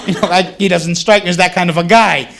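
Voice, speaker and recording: A man's voice: high-pitched, fairly even intonation, fast talker, creaky, background noise. A man in his thirties from the Boston area, doing a wry, self-mocking stand-up set on a club stage. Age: 30s. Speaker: stand-up comedian. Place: comedy club stage with a laughing audience. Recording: 1980s cable TV taping with crowd laughter.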